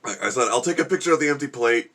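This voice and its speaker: A man's voice: medium pitch, animated, racing, a bit bright. A man vlogging at home, groaning and complaining as he suffers through a very spicy meal. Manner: groaning and complaining while eating spicy food. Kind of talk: casual vlog to camera. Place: home room with a gecko habitat.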